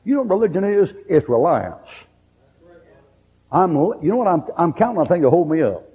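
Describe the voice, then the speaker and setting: A man preaching a fiery sermon in a folksy, blunt and joking way, with sudden shouts. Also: on the high side, sing-song, a little fast, slightly rough. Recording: dull old recording with long hall echo and faint hiss.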